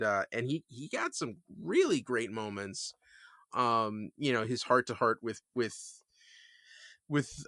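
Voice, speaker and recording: A man co-hosting a casual TV recap podcast, talking in a halting, laid-back way, full of fillers. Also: lowish voice, pushed and bright, no echo, clean studio sound. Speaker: podcast co-host.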